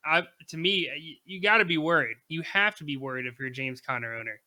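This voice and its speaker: A young man co-hosting a casual sports podcast in a bright, forceful voice that sits a little high. He talks emphatically and with animation, laughing easily between his points. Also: quick pace. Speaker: podcast co-host.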